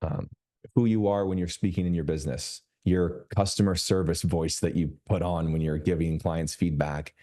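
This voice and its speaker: Teaching over a video call, a male business coach speaks in a low-set, mellow voice with fairly even intonation. He's emphatic, slowing down and drawing out key phrases to drive his points home.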